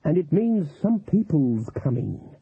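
Man voicing a raised, husky, slow-drawling voodoo cook with a rolling growl, storybook reading, tinny dry audio. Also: on the high side, sing-song, no echo, pitched above the performer's own voice, exaggerated voice. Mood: knowing. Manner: slow drawling speech with folksy grammar. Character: older female voodoo cook, slow and knowing.

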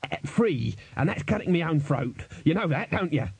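A man voicing a greedy, fast-talking male street trader who haggles and wheedles. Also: a little high, big pitch swings, gravelly, a little mellow, breathy edge, no room sound, pitched above the performer's own voice, exaggerated voice. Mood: wheedling.

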